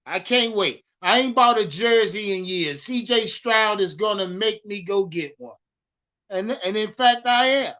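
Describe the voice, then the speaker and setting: A man hosting a live stream, loudly hyped and swearing as he ranted about football and answered his chat. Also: high voice, expressive, unhurried, dull audio. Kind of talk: profane live-stream sports rant.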